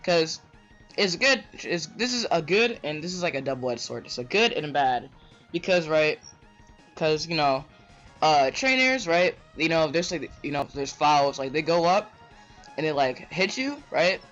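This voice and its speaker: A man with a slightly high voice rambles through a casual rant, tagging lines with "bro" and "right?". The mic sounds dull and lo-fi. Faint music plays underneath. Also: expressive, unhurried, fairly bright tone. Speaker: vlogger.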